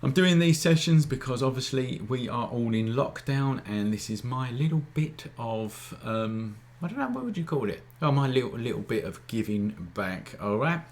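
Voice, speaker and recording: A medium-pitched man speaks at a moderate pace, barely pausing, as he runs a live-streamed photography Q&A. He teaches informally and casually, repeatedly asking viewers "all right?"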